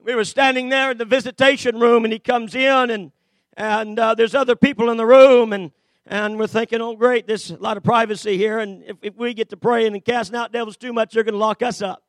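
High-voiced preacher, shouting then hushed. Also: male voice, fairly even intonation, a little fast, dry recording. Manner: dramatic, rises to shouts then drops low; many fillers and repeated starts. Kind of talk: sermon storytelling.

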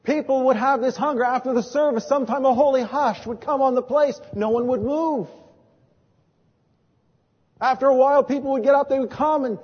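High-voiced preacher in a reverberant hall. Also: male voice, normal speed, breathy edge. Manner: earnest storytelling, acts out quoted dialogue. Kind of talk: sermon. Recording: dull lo-fi audio with long hall reverb.

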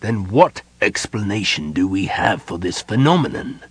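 A man's voice: fairly low pitch, sing-song, normal speed, slightly rough, no echo. A man voicing an anxious, demanding elven governor-general in an audiobook, insistent and questioning.

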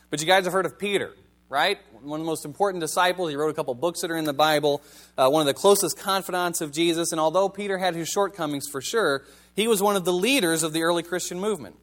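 A male pastor giving a sermon in a conversational, wry manner, reading scripture and asking the congregation rhetorical questions. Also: on the high side.

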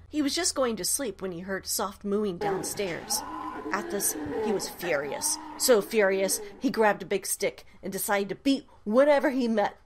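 A woman with a medium-pitched voice reads a children's story aloud in an expressive, sing-song storytelling manner.

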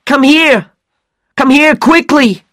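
Man doing Regan, a high, bold teen girl. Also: animated, unhurried, fairly bright tone, dry recording, studio quality, full character voice. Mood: alarmed shouting. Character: teenage girl, bold and quick-tempered.

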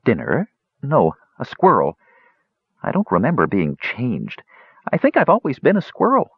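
A man's voice: mid-range voice, wildly swooping pitch, moderate pace, husky, no room sound, lo-fi sound, pitched above the performer's own voice, exaggerated voice. A man voicing a confused, sleepy young male squirrel who talks in a plaintive, drowsy way.

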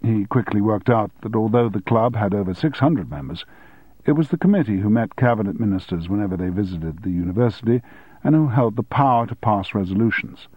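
Low, husky male audiobook narrator. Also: no room sound, highs cut off. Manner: measured, even storytelling.

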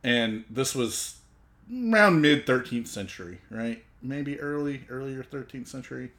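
A podcast host in a loose, profane chat, retelling old myths for his friends. His voice sits at an ordinary middle pitch. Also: expressive, unhurried, fairly bright tone.

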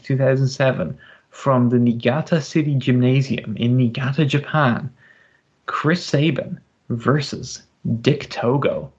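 A man's voice: mid-range voice, darkish tone, breathy edge. A man from Ireland with an Irish accent, hosting a podcast in casual, rambling chat full of fillers and restarts. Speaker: podcast host. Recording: dull lo-fi podcast audio.

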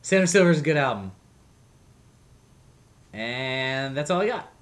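A man's voice: mid-range voice, lively intonation, unhurried. A man co-hosting a music podcast, talking in a rambling, self-deprecating way with lots of fillers. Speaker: podcast co-host. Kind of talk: casual chat.

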